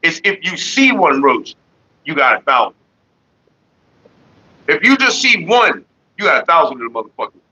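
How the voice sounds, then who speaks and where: Profane, animated man telling a story. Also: on the high side, normal speed, long pauses, husky, poor audio. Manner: animated, profane, slips into quoted voices. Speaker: livestream host. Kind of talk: casual profane storytelling to viewers. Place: home.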